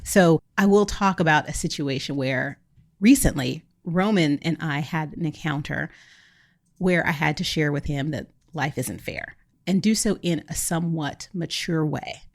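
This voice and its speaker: A woman in her thirties, co-hosting a podcast, telling a family story in a casual, animated way and acting out the quoted lines. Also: low-pitched, measured pace, gravelly. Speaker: podcast co-host.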